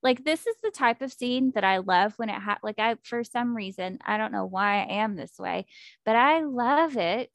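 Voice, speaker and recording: A woman in casual chat, excitedly recapping a book plot and acting out the characters' lines. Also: a little high, moderate pace, gravelly, dry recording. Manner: animated, acts out character quotes, fillers like 'like' and 'um'.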